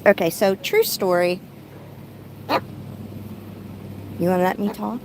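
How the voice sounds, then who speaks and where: A woman's voice: mid-range voice, slow, a little hiss or hum, poor audio. A middle-aged woman telling stories in a casual vlog, chatty and breaking off to talk to her pet bird. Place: rural home, outdoors.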